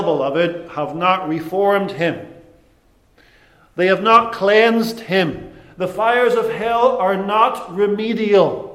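A man preaching a sermon, deliberate and emphatic, with dramatic pauses. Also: sits high, echoey room.

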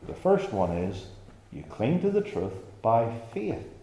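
A man's voice: mid-range voice, sing-song, unhurried, dark tone, a little hiss or hum. A man preaching a sermon in an emphatic style, using rhetorical questions. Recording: echoey church room.

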